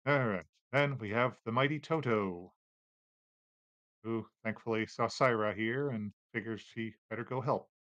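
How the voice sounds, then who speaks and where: A man narrates a tabletop game as its game master, relaxed and unhurried, with plenty of fillers. The sound is dry and close to the mic. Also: lowish voice, no room sound, lo-fi sound.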